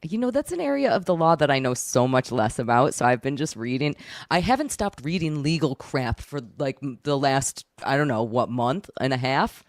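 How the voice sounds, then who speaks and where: A woman's voice: very deep voice, expressive, moderate pace, no echo, clean studio sound. A woman co-hosting a casual livestream podcast, chatty and self-deprecating. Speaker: podcast co-host.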